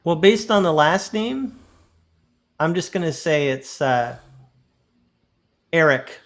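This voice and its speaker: A man co-hosting a relaxed live show, with a voice a touch higher than average. He jokes at his own expense and laughs easily as he chats. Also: slow. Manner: jokey, self-deprecating, laughs often. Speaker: co-host. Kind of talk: casual livestream chat.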